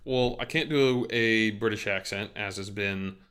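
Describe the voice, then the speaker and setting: A man's voice: fairly low pitch, a little slow, fairly bright tone. A man co-hosting a casual sports podcast, talking in a rambling, self-deprecating way with many fillers. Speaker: podcast co-host. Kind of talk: casual chat.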